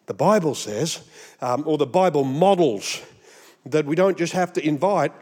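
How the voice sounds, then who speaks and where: An Australian man preaching a sermon, animated and humorous, mimicking voices as he goes. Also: a little high, measured pace, husky, big-room sound. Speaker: pastor.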